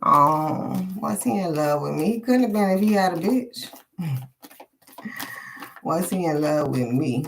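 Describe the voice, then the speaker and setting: A woman's voice: low voice, expressive, takes it slowly, vocal fry, long pauses, a little hiss or hum. A woman giving a casual live tarot reading, talking frankly and rambling, cursing freely, with short laughs between thoughts. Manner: profane, candid and rambling, thinking aloud. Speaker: tarot card reader.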